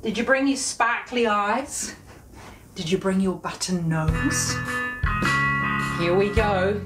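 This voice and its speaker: A woman with a mid-range voice runs a children's music session at a slow pace. Her talking and singing are playful and sing-song, now and then sinking to a hushed whisper.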